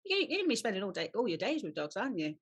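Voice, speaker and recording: Woman host, mid pitch, upbeat and quick to laugh. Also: very animated, slightly rough. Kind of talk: interview hosting.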